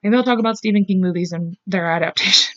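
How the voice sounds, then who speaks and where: A woman's voice: mid-range voice, quick pace, fairly bright tone, no echo, dull audio. A woman hosting a podcast, telling a true-crime story in a chatty, profane way with side tangents. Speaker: podcast host.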